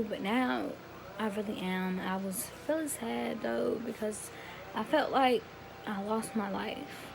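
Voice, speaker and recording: A woman's voice: medium pitch, fairly even intonation, unhurried, vocal fry. Teen girl telling a story over room noise. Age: teens. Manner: rambling, emotional, slangy retelling. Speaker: vlogger. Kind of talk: casual storytelling to camera.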